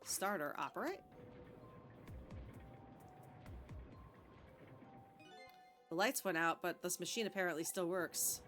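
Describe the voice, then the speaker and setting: A woman voicing a calm male ghost in a video game, quiet and thoughtful, musing to himself. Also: on the low side, a little fast, faint music behind, close to an everyday voice. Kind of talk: reading game dialogue aloud.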